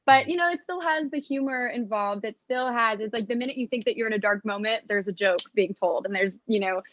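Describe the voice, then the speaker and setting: A young American actress talking casually in an interview, chatty and self-deprecating with lots of fillers. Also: female voice, medium pitch, a bit bright, no echo. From United States. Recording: dull, dry lo-fi sound.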